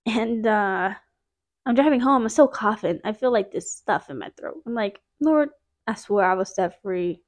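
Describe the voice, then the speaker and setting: A woman's voice: fairly high pitch, darkish tone. A young woman hosting a podcast, telling a personal faith testimony in a casual, chatty way, with many fillers and asides to her listeners. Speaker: podcast host.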